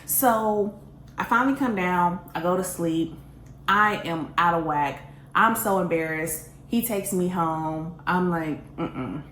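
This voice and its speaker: A woman telling a personal story in a casual storytime vlog, animated and self-mocking, often laughing. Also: lowish voice, slow pace. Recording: roomy echo, faint background hiss.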